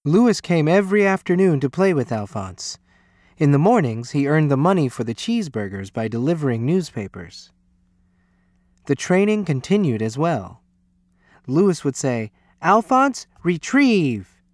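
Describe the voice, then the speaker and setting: A man reading a children's picture book aloud, his voice fairly high and swinging widely in pitch. He tells it with lively expression, and the sound is dry and close to the mic. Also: moderate pace, no echo. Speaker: storyteller. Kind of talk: storybook read-aloud.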